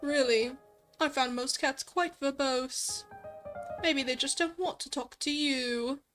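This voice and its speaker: A woman voicing a smug, polite male talking cat in a game, speaking in a dry, teasing, unhurried way. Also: sits high, fairly bright tone, soft background music.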